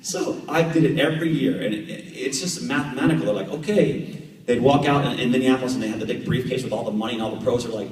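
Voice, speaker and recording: An American man in his thirties, a professional triathlete giving a guest talk to a club. He tells animated stories and acts out conversations, with many fillers. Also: mid-range voice, fast talker. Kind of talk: storytelling talk to a club audience. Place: club meeting room with audience. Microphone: camera at the back of the room. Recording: echoey hall from far off.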